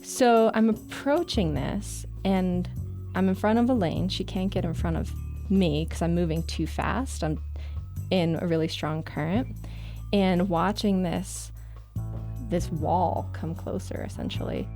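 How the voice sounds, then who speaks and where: Woman telling a lively story. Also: on the low side, measured pace, vocal fry, faint music behind. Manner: lively, breathless retelling with laughs and "like" fillers. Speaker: writer telling a personal story. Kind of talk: casual first-person storytelling.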